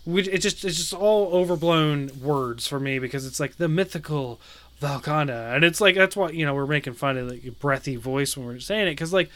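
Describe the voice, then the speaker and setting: A man's voice: fairly high pitch, fairly quick, few pauses, fairly bright tone, dry recording. A man in casual chat about a video game, ranting with exasperation.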